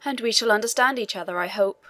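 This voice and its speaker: A woman's voice: medium pitch, fast talker, fairly bright tone, close to an everyday voice. A woman voicing an elderly imprisoned priest, earnest and persistent, in an audiobook reading. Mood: pleading. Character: elderly imprisoned male Italian priest, eager, learned.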